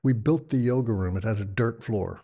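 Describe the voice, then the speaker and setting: A man in his sixties from Texas, a yoga teacher telling stories as a podcast guest, lively and acting out voices. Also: fairly low pitch, moderate pace, husky. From Texas, United States. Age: 60s. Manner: animated storyteller who acts out quoted voices. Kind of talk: storytelling in a conversational interview.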